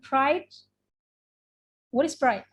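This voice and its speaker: A woman's voice: sits high, expressive, extremely slow, lo-fi sound. A woman with an Indonesian accent teaching English vocabulary in a classroom, having students repeat words after her. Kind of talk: classroom lesson.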